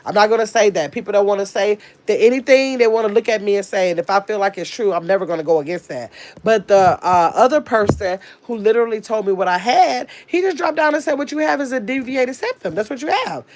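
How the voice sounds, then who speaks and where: A woman with a noticeably nasal voice talks casually to viewers on a livestream. She rambles along with restarts and side remarks. Her pitch sits in the ordinary middle range. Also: fast talker, darkish tone, a little hiss or hum. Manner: rambling, chatty storytelling with restarts. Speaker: live streamer. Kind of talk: casual chat to a livestream audience.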